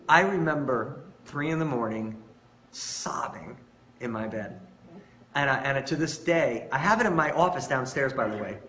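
A man preaching a sermon as pastor, conversational and animated, telling stories and asking rhetorical questions. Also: mid-range voice, roomy sound, a little hiss or hum. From Long Island, New York.

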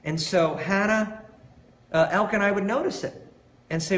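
A man's voice: high-pitched, moderate pace, pauses often. Conversational preacher man in an echoey room. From Long Island, New York. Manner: conversational, animated storytelling with rhetorical questions. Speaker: pastor. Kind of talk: sermon.

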